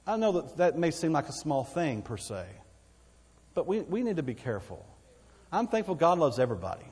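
A man's voice: on the high side, very animated, brisk, a little mellow, slightly rough. A man with a Texan accent preaching a sermon as pastor, folksy and conversational, asking the congregation for amens. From Texas. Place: church sanctuary. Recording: long church hall reverb.

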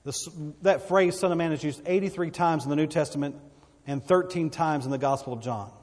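A man's voice: fairly high pitch, a little fast, a little mellow, long reverb tail. A man preaching a sermon in church, repeating phrases and swelling then dropping his voice. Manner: preaching with repetitions and swells of volume. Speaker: pastor.

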